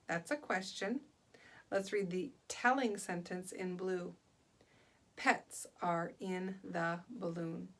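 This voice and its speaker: Slow, patient woman teaching young kids. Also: mid-range voice, fairly bright tone. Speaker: second grade teacher. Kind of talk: online classroom lesson.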